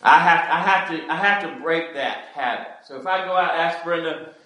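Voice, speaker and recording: A man's voice: a little high, fairly even intonation, quick pace. Earnest man preaching in echoey church. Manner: earnest, pleading preaching with wide swings in loudness. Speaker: pastor. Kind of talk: sermon.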